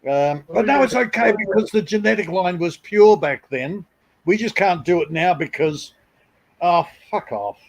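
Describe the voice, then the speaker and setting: A man's voice: high-pitched, lively intonation, measured pace, vocal fry, crowd noise, poor audio. A middle-aged man, chatting on a live stream in a blunt, crude, mocking way. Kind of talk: casual chat.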